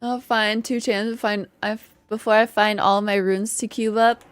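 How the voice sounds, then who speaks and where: A woman's voice: medium pitch, flat delivery, moderate pace, clean tone. A young woman chatting playfully and teasingly with her audience while streaming a game at home. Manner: playful, giggly, teasing chat about slang. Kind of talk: casual live-stream chat.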